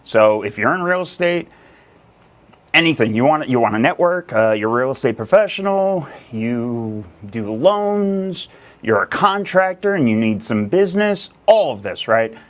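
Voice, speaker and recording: A man's voice: medium pitch, big pitch swings, unhurried. A man hosting a casual live stream about real estate, talking energetically with lots of fillers and rambling asides. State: a little out of breath.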